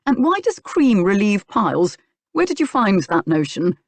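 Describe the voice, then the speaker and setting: Woman reading a blunt, gruff young physician. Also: high voice, very animated, moderate pace, no room sound, voice pushed up, heavily acted. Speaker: village physician. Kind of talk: audiobook character dialogue.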